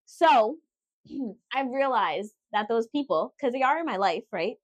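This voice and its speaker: A woman co-hosting a casual podcast, her higher voice swinging widely as she talks. She exclaims and acts out her own reactions with plenty of feeling. The recording is close and dry. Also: animated, unhurried, no echo, dull audio. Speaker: podcast co-host. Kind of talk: casual chat.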